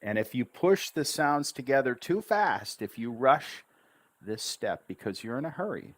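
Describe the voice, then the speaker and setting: A man teaching English pronunciation on a livestream, stretching out syllables slowly and emphatically as he coaches learners. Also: mid-range voice, expressive, no room sound. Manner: slow, emphatic, drawn-out syllables. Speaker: English tutor. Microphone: livestream webcam mic.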